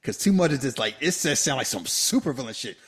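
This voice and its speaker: Male podcast co-host, husky, lively pitch, jokey film commentary. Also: fast talker. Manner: joking, acts out lines from the film in voices. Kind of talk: casual movie commentary chat.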